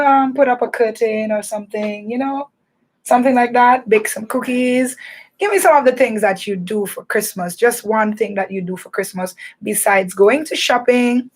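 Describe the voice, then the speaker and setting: A woman hosting a radio show for children, talking in a playful, animated way. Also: on the high side. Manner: animated, playful, laughing and teasing. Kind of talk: lively children's radio chat.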